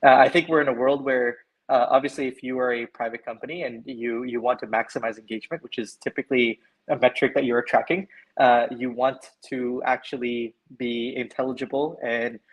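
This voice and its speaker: A man's voice: medium pitch, steady tone, brisk, poor audio. A man from Canada speaking as a panelist in an online discussion, explaining at length and often checking in with "right?". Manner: explanatory, frequent "right?" tags. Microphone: video call.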